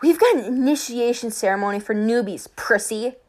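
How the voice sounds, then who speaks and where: A woman voicing a big, husky teenage bully girl who sneers and taunts in an audiobook. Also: a little high, expressive, a little fast, a little mellow. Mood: sneering. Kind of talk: audiobook character voice.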